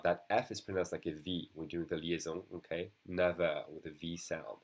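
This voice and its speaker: French man teaching slowly, low voice. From France. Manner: slow, repeats words for learners to copy. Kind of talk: beginner language lesson.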